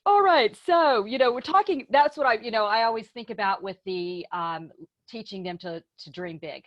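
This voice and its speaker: A woman's voice: on the high side, expressive, normal speed, highs cut off. A woman with a Southern US accent co-hosting a casual podcast, chatty and giggly with folksy sayings. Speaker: podcast co-host.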